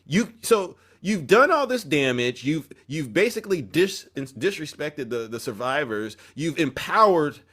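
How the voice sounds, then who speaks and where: A man's voice: mid-range voice, a bit bright. A man hosting an opinion commentary show, talking emphatically in a preachy tone and often breaking off mid-sentence. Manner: emphatic, preachy, self-interrupting.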